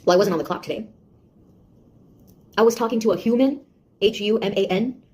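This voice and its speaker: A woman's voice: a little high, expressive, fast, darkish tone, slightly rough. An actress playing a sarcastic young woman, a beta tester who mocks and scolds a nosy AI in a one-sided audio drama. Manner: mocking, taunting, exasperated.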